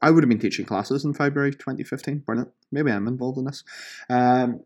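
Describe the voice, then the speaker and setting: A man in his thirties, mid-pitched and conversational, hosts a casual solo podcast. He reads reviews aloud and then mocks them, filling gaps with ums. His tone is sarcastic and chatty throughout. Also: fast talker. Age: 30s. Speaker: podcast host, fitness trainer.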